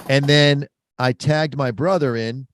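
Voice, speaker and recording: A man's voice: mid-range voice, steady tone, unhurried, no room sound, clean studio sound. A man hosting a casual podcast chat, explaining things in a confident, practical way. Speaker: podcast host. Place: mobile studio.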